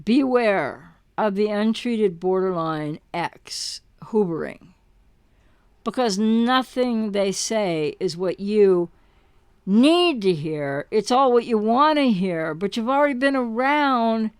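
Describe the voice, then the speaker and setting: With a clear, resonant, medium-pitched voice, a relationship recovery coach takes her time in an animated, impassioned monologue to camera. She poses rhetorical questions and repeats words for emphasis, and the clean studio recording has no echo.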